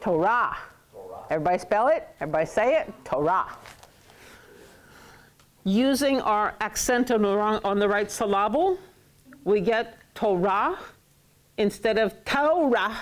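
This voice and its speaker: A woman teaching a Hebrew class, playful and quick to laugh, acting out everyday phrases for her students in a classroom. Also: mid-range voice. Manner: playful, laughs often, acts out market phrases.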